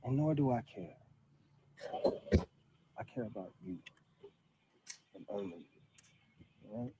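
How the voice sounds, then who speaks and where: A man playing a husband in a comedy skit, shouting his denials and then pleading softly with his wife. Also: on the low side, expressive, slow, very noisy.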